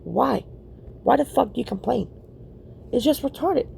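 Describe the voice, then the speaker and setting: A woman's voice: a little high, expressive, unhurried, vocal fry, a little mellow, slight background noise. A woman hosting a reaction video, ranting bluntly and profanely and repeating herself for emphasis.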